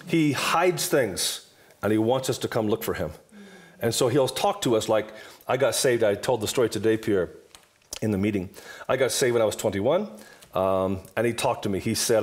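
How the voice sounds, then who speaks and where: A man's voice: on the low side, lively intonation, moderate pace. A man in his fifties, a guest minister, talking in an emphatic, repetitive preaching cadence during a table talk. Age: 50s.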